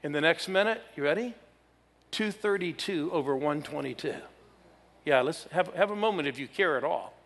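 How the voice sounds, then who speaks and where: A pastor in his sixties preaches with a slightly high voice, telling his story and teasing the congregation along the way. His words ring out with a long reverb from a large hall. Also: expressive, moderate pace, a bit bright. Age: 60s. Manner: storytelling, playful with the audience. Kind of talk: sermon.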